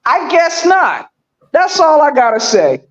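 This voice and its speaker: High-voiced woman caller making her point. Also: big pitch swings, measured pace, highs cut off. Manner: emphatic, argues with rhetorical questions. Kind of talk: call-in commentary.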